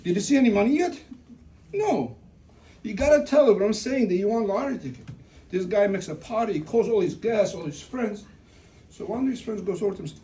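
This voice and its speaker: At a family gathering, a man from Russia gives an informal religious talk as a eulogy for a family member, telling stories, restarting himself, and posing rhetorical questions. His voice is high, animated, a little fast, and warm. The recording comes from a distant mic with faint room noise.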